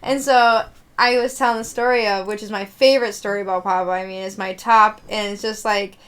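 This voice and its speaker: A young woman hosting a podcast, telling a story in an animated, laughing, casual way with many fillers. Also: mid-range voice, fairly quick, clean tone. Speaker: podcast host.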